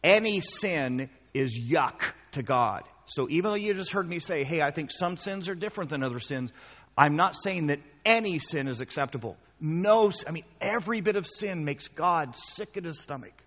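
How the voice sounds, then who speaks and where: A man's voice: fairly high pitch, lively intonation, normal speed, fairly bright tone, big-room sound, lo-fi sound. A man preaching a sermon as pastor, talking conversationally, quizzing the congregation and pressing points with emphatic repetition.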